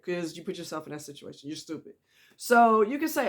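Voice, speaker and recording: A woman speaking in a casual, blunt monologue about dealing with difficult people. Her voice sits in a middle pitch, and she slips into other people's voices to quote them with a sassy edge. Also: very animated, brisk. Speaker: vlogger giving relationship advice.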